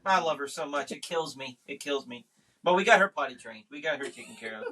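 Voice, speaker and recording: A man's voice: fairly high pitch, lively intonation, fast talker, bright, forceful tone, slightly rough, distant mic, low-quality recording. A man hosting a podcast, chatting casually with dry, self-pitying dad humor. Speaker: podcast host. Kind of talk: casual chat.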